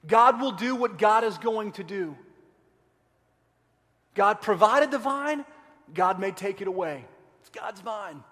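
High-voiced preaching man in a reverberant hall. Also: lively intonation, takes it slowly, long pauses. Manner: impassioned preaching, swings from quiet to loud. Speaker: pastor. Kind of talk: sermon.

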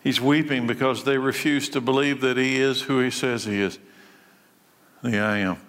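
A man's voice: fairly even intonation, moderate pace. Man preaching in a reverberant hall. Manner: impassioned preaching, surges high and loud then drops low and quiet. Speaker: pastor. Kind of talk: sermon.

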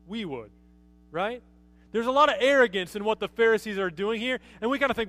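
A man's voice: high voice, fairly quick, a bit bright. A man preaching a conversational sermon as pastor, often asking his listeners rhetorical questions.

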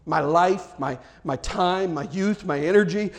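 Middle-aged male preacher, high-pitched, impassioned, climbs toward shouting. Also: unhurried, hardly any pauses. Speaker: pastor. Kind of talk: sermon.

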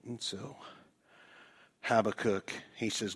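Man, middle-aged, pastor, sermon, slow delivery, very expressive pitch, dramatic loud-to-whisper swings.

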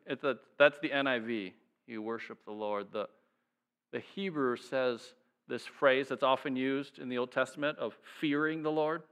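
A man preaching a sermon, reading scripture and acting out its characters with lively shifts in voice, then dropping soft and low to reflect. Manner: animated, acts out the voices of the sailors and Jonah. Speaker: pastor. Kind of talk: sermon teaching.

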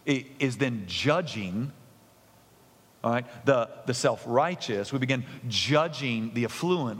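A man preaching a sermon, emphatic, with loud excited bursts and quiet earnest asides. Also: mid-range voice. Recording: long reverb of a large hall.

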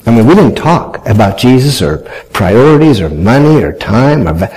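A man's voice: mid-range voice, very animated, normal speed, a little mellow, low-quality recording. A man telling a humorous family story to an audience, self-mocking and acting out his family's voices.

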